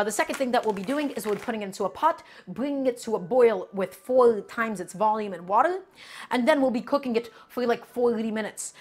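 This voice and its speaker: Chatty woman hosting a live cooking stream. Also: on the high side. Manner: chatty, explains step by step, addresses chat as friends. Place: home kitchen.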